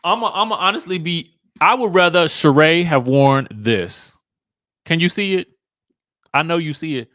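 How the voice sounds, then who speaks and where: A young man, hosting a casual live stream in a sassy, playful, animated way, repeating words for effect. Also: a little high, normal speed, no echo, clean studio sound. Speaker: host.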